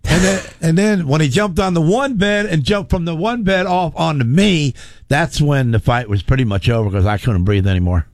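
A man's voice: fairly high pitch, no echo, studio quality. Plain-spoken man telling a story. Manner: plain-spoken, halting with restarts. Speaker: guest. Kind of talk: casual storytelling.

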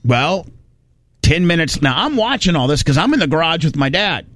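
Man, fairly high voice, rambling folksy storyteller, dry close mic. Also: sing-song, moderate pace, a bit bright, no room sound. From Indiana. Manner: rambling, folksy, restarts often. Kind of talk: casual storytelling.

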